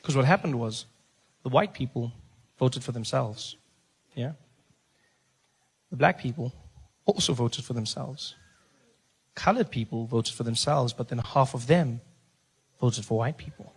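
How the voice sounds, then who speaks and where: A man doing a stand-up comedy set, animated, slipping into other people's voices and shouting at the audience from a club stage. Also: mid-range voice, unhurried, long pauses, slight background noise. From South Africa.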